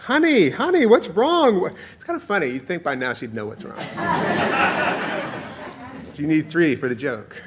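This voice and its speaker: A man in his forties reading his own essay aloud to an audience, with playful, warm storytelling and frequent laughter. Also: mid-range voice, huge pitch swings, a little slow, pauses often, very noisy. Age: 40s. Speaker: author.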